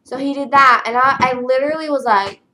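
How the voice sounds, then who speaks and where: A young woman vlogger tells a story in a tired, flat way and fills it with lots of "like" and "um". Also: high voice, a little fast, slight background noise. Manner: tired, flat delivery with many fillers. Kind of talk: casual storytelling vlog.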